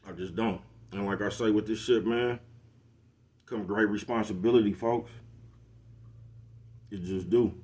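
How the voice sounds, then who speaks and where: Low voice man just talking his mind, laid back, slangy, keeps saying you know what im talking about. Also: steady tone, a little slow, pauses often, darkish tone. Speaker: vlogger hosting his own show. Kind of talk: casual rant to camera.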